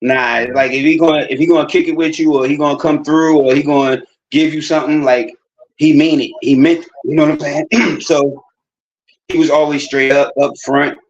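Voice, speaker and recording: A man's voice: fairly high pitch, steady tone, normal speed. A man chatting casually as an interview guest, laid-back and rambling. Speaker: actor guest. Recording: dull lo-fi sound.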